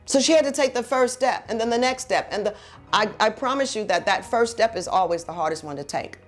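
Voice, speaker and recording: A woman's voice: medium pitch, expressive, a little fast, soft background music. A woman preaching a heartfelt sermon, telling her own story and then leading a prayer in an earnest, exhorting way.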